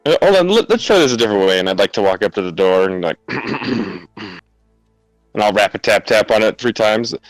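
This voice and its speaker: A man playing a tabletop game, talking in a playful, hurried way. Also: on the low side, expressive, dry recording, soft background music, rough recording. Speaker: player. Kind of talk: tabletop role-play banter.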